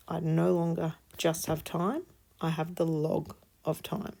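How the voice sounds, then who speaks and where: A woman with a deep, warm voice and vocal fry teaches a worked-example maths lesson against faint background noise. She yawns and sounds tired, explaining slowly and patiently and falling to a murmur while reading out numbers.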